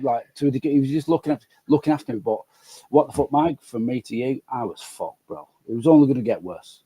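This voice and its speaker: A man's voice: medium pitch, fairly quick, dark tone, breathy edge. A man, a guest on a casual live chat, rambling, apologetic and sweary. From Manchester area. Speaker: guest caller.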